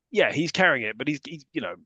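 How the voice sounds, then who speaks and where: A man's voice: fairly high pitch, pushed and bright, breathy edge, no echo. Wry man co-hosting a podcast. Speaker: podcast co-host. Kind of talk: casual film discussion.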